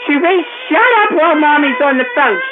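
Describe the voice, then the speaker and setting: A woman playing a foul-mouthed, frazzled mother on a prank phone call, yelling and cursing as she scolds. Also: high-pitched, animated, a little fast. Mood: scolding. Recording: tinny noisy phone line.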